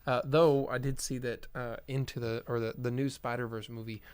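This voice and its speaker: A man's voice: medium pitch, little pitch movement, normal speed, darkish tone, clean tone. A man co-hosting a movie podcast, reading box office figures in a matter-of-fact, casual way. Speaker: podcast co-host.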